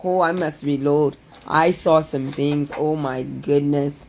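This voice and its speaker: A woman's voice: sits low, fairly even intonation, takes it slowly, gravelly, a little mellow, a little hiss or hum. Dramatic woman exclaiming. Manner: dramatic, exclaiming, repeats phrases in a sing-song way. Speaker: livestream host doing card readings. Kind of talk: playful livestream chat.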